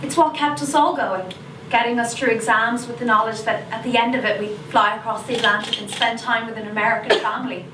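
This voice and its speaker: A woman's voice: a little high, fairly even intonation, brisk, natural voice. A woman performing a monologue as an Irish teenage schoolgirl who is sheepish yet defiant, speaking in a chatty, confessional way with an Irish accent. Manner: chatty, confessional, slips into gossipy asides. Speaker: stage actor performing a monologue. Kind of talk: theatrical monologue. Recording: echoey room, distant mic, noisy video call.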